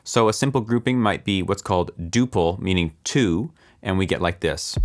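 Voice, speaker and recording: A man teaching music production, explaining calmly with the odd um and counting beats aloud softly. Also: low voice, normal speed. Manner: explains calmly with filler ums. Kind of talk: relaxed screen-recorded lesson.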